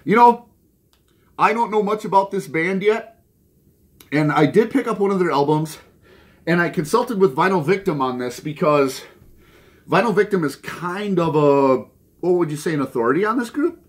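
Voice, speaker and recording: A man hosts his record channel in a loose, joking way, reading made-up news items and then chatting about his latest finds. His pitch swings up and down a lot as he talks. He laughs at his own gags and keeps things casual. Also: animated, moderate pace, long pauses. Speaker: vinyl record channel host. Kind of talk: casual joking news segment and haul chat.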